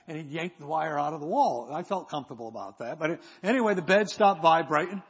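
A man's voice: on the high side, lively intonation, quick pace, hardly any pauses, husky. A man preaching, telling a rambling story with self-mocking humor. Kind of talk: sermon storytelling. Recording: echoey hall, dull sound.

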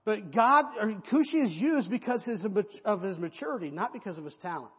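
A male pastor preaches in an animated, conversational way, with a high, husky voice that rises and falls widely. He is heard through a dull, lo-fi recording with a long hall echo. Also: a little fast. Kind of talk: expository sermon. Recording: echoey hall, dull lo-fi sound.

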